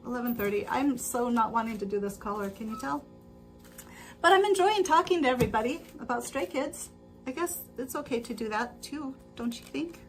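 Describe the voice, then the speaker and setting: A woman with a fairly high voice hosts a casual sewing livestream from home. She rambles through her chat with plenty of filler words and frequent giggles. Soft music plays faintly behind her. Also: lively intonation, a little fast. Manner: giggly, laughs often. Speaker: livestream host.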